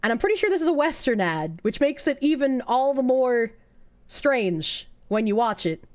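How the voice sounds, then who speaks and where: A woman's voice: sits high, very animated, normal speed, darkish tone. A woman streaming live, reacting in a sarcastic, incredulous and profane way with frequent laughs. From United States. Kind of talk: casual livestream reaction.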